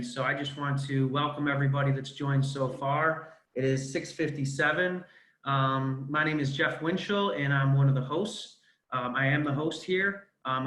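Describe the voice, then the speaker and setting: A man's voice: mid-range voice, pushed and bright, roomy sound, poor audio. A man hosting a casual live video call, friendly and chatty, with many ums. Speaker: host.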